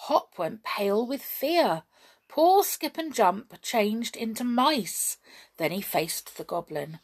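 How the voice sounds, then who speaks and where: A woman reading a children's story aloud as narrator, with expressive, lively storytelling. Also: fairly high pitch, slow pace, husky.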